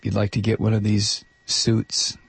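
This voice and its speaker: Gravelly, sarcastic male radio host. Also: fairly low pitch, completely flat delivery, a little slow, no echo. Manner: sarcastic, indignant. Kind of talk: ranting political monologue.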